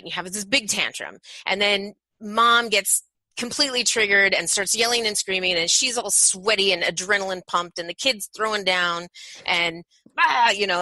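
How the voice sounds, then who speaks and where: A woman's voice: fairly low pitch, pushed and bright, dry recording, poor audio. A woman parent coach as a guest on a podcast interview, telling stories and acting out playful parent voices.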